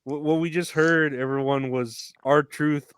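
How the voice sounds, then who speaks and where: A man's voice: on the high side, steady tone, unhurried, a bit bright, clean tone, no echo. A man co-hosting a podcast in casual chat, joking and laughing often. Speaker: podcast co-host.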